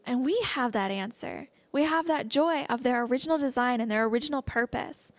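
A woman's voice: a little high, a little fast, few pauses, no room sound. A young woman giving a casual sermon, earnest and conversational, reading scripture and talking it through. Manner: earnest and conversational, slips into excited laughs. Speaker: speaker teaching a Bible message.

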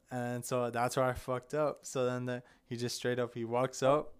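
A young man chats on a podcast, spinning a loose, rambling story. He laughs often and swears freely. His voice is smooth and resonant, at a middle pitch. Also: little pitch movement, moderate pace, few pauses. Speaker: podcast co-host. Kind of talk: casual chat.

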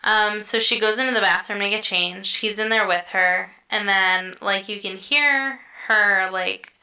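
A woman's voice: mid-range voice, a little slow, pushed and bright, low-quality recording. A young woman casually recapping a show in a chatty, filler-heavy way, swearing now and then and laughing often. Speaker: podcast co-host recapping a show. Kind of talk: casual chat.

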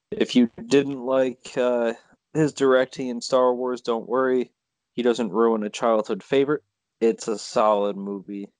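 A man's voice: on the low side, darkish tone, dry recording. A man co-hosting a casual movie review podcast, giving short, wry answers. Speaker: podcast co-host.

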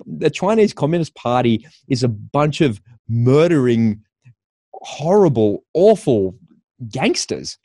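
A man's voice: medium pitch, very animated, slow, dark tone, dry recording, studio quality. A middle-aged Australian man giving a scornful opinion monologue, breaking into laughter at his own points.

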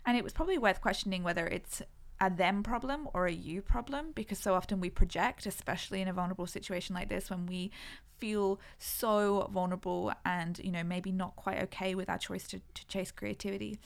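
Reflective woman with a creaky voice. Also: mid-range voice, brisk. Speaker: podcast co-host. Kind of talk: casual chat.

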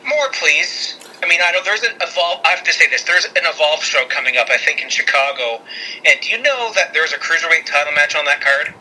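A man co-hosting a casual wrestling podcast, chatty and excitable with quick asides. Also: fairly high pitch, slight background noise, rough recording. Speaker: podcast co-host.

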